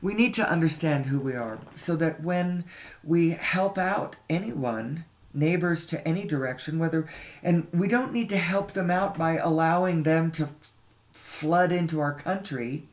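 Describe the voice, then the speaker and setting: A man's voice: on the high side, measured pace. A man giving a rambling spoken monologue on spiritual and social questions, often repeating himself, asking rhetorical questions and cursing casually. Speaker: spiritual talk host.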